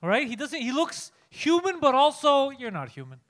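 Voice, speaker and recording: A man co-hosting a comedy podcast who tosses in quick deadpan one-liners. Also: very high voice. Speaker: podcast co-host. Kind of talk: casual comedy podcast chat.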